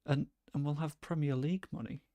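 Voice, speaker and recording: A man chatting casually as he streams a football management game, rambling and breaking into sudden excited outbursts. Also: fairly high pitch, brisk. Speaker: gaming streamer. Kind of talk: casual gameplay commentary.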